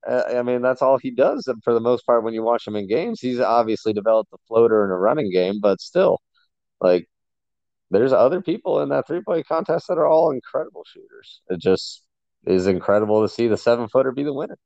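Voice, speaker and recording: A man's voice: mid-range voice, expressive, a little fast, creaky, darkish tone, dry recording, muffled recording. A man co-hosting a sports podcast, talking enthusiastically and rambling with lots of fillers. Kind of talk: casual sports chat.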